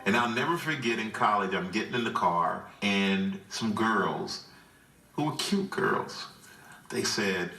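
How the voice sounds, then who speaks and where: A man recalling his playing days with earnest, animated energy. His voice is bright and forceful. It sounds roomy and set back from the mic, with quiet music underneath. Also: fairly low pitch, measured pace, far from the mic. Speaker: former football player interviewed. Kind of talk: reflective interview storytelling.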